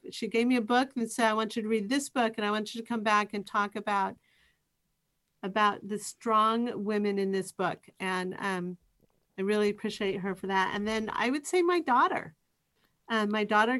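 A middle-aged woman, a professor and youth program director, telling stories as a guest on a podcast, lively and full of false starts. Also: medium pitch. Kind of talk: conversational interview storytelling.

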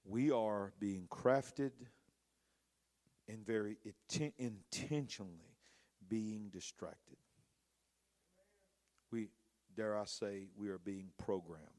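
A man preaching a passionate sermon, swinging between hushed, intimate lines and loud, rising storytelling. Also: fairly low pitch, takes it slowly, pauses often. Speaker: pastor.

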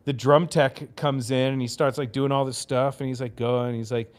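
A man's voice: mid-range voice, fairly even intonation, moderate pace. A man co-hosting a podcast, telling rambling, profane studio anecdotes in casual chat. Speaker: podcast co-host.

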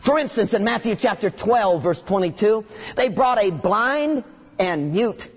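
A man preaching an expository sermon in a lively, conversational way, with sudden emphatic bursts. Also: high voice, unhurried, slightly rough, long reverb tail.

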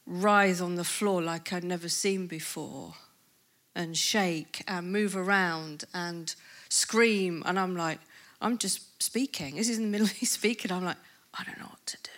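A woman in her fifties speaking at a conference, telling a personal testimony in a lively storytelling way and acting out what people said. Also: mid-range voice. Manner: lively storytelling with laughs and acted-out quotes.

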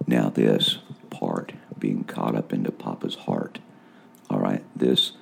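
A man's voice: rumbling low, creaky, a little mellow, husky. A man preaching a personal testimony about his visions, emotional and repetitive, often calling his listeners folks.

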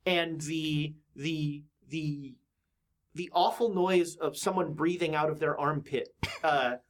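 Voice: mid-range voice, takes it slowly. A game master narrating a tabletop horror game, hesitant, with many fillers and restarts.

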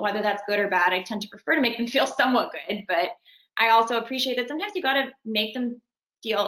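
Bright-voiced young actress, echoey room. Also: female voice, mid-range voice. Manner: chatty and animated, laughs while talking. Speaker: actress and singer. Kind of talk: casual interview.

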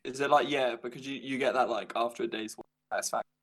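A man's voice: medium pitch, fairly even intonation, fast talker, a bit bright. Playful young man in casual chat. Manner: chatty and playful. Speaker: guest.

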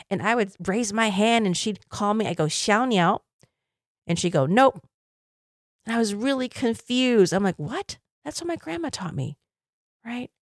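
A woman's voice: mid-range voice, no echo, studio quality. A woman in her fifties, from Taiwan, hosting a podcast and telling an earnest, reflective personal story with light laughs. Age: 50s. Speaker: podcast host.

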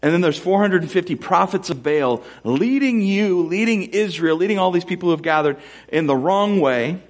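A man voicing a lone, defiant male prophet who taunts his rivals with a raised, drawn-out voice. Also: on the high side, pitched above the performer's own voice, close to an everyday voice.

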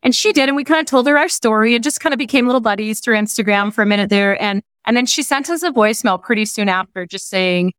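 A woman's voice: on the high side, quick pace, few pauses, a bit bright, smooth, no room sound. Gushing woman guest, dry sound. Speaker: guest, nonprofit co-founder. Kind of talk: casual interview chat.

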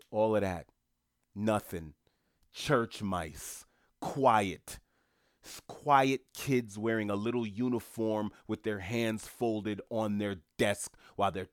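A man's voice: low-pitched, no room sound, studio quality. A man from New York delivering an opinionated solo monologue, talking emphatically and scornfully, repeating his points and often restarting his sentences. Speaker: commentator.

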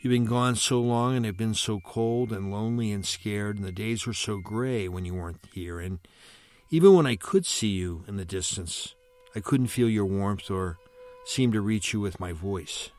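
A man's voice: on the low side, moderate pace, a little mellow, close to an everyday voice. A man reading aloud the lines of a lonely young female tree, tearful and pleading, in a storybook. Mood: hurt.

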